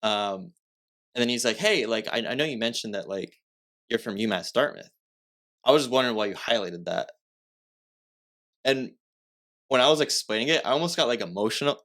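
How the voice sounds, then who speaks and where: A man's voice: medium pitch, expressive, a little fast, pauses often, fairly bright tone. A young man from Massachusetts, a podcast guest, telling a story in casual chat, rambling with lots of filler words and self-corrections.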